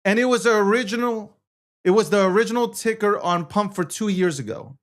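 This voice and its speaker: He hosts a talk show in a high, fairly quick voice, reading posts from social media and arguing back. The whole thing comes out as a heated, foul-mouthed, combative rant.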